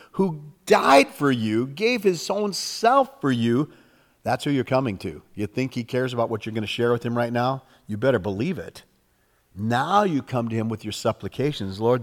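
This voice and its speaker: A man's voice: fairly high pitch, long reverb tail. A man preaching a sermon in a fervent, conversational way, acting out prayers in his own voice. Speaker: pastor.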